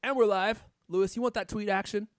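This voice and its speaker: A man's voice: sits high, steady tone, brisk, smooth, no echo, clean studio sound. A man hosting a casual live-streamed tech podcast, joking around and reading out viewer comments. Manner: jokey, reads out viewer comments. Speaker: podcast host.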